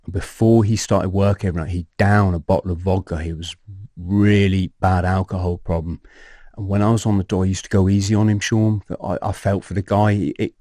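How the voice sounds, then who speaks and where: A man in his fifties tells a tale as a podcast guest. His voice sits low, and the sound is dry and close. He acts out what others said and swears without a second thought. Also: fairly quick, no echo. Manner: animated, acts out quoted dialogue, swears casually. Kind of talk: storytelling in an interview.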